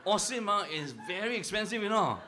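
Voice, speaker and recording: Lively, joking pastor. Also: male voice, high voice, a little fast, slight background noise. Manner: joking, teasing, animated, asks the crowd questions. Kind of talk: humorous sermon to a camp audience.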